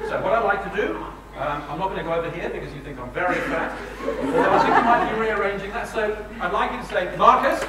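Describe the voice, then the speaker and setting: An Englishman giving a live talk in a lecture hall, teasing the crowd and poking fun at himself. His voice sits high for a man. It reaches the mic from some way off, with heavy echo and a steady noise behind it. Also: fast talker. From England. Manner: joking, self-mocking, quizzes the audience. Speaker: guest speaker. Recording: very echoey hall, distant mic, noisy.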